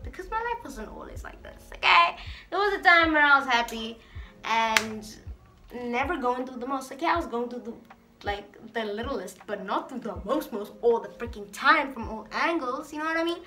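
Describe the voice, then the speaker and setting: A woman's voice: fairly high pitch, animated, normal speed, pushed and bright. A woman vlogger chatting casually through a get-to-know-me Q&A, reading out each question and answering it in a playful, talkative way.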